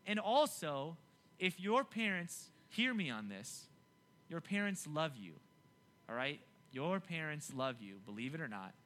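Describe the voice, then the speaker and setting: A young man preaching a youth sermon, animated and emphatic, often repeating himself to keep listeners engaged. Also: fairly high pitch, unhurried. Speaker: youth pastor.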